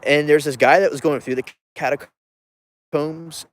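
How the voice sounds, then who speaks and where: A man's voice: fairly high pitch, steady tone, unhurried. A man ranting casually about a film he watched, rambling and interrupting himself with chuckling asides. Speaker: vlogger reviewing a film.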